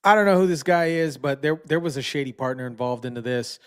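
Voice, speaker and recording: Repeating himself often, a commentary channel host rants bluntly and indignantly in casual online talk; his voice is fairly high, clean in tone, and fast.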